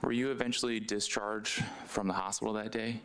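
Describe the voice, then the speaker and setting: Deep-voiced man questioning a witness. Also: fairly even intonation, fairly bright tone, clear, resonant tone. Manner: measured, careful questions. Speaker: hearing questioner. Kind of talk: formal questioning.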